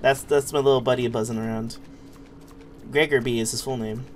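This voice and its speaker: Speaking fairly quickly in a steady mid-range voice, a man gives casual live-stream commentary on a horror game, with a faint hiss or hum behind him. He's easily startled, letting out yelps, laughs and swear words while chatting with his audience.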